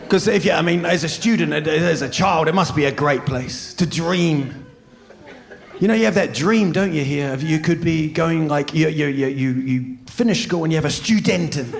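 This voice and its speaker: A New Zealand man in his fifties doing a stand-up comedy set, telling stories in an animated way and shouting when he does impressions. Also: on the high side, normal speed, vocal fry. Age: 50s. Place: large venue with a live audience. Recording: live stage recording with crowd and noise.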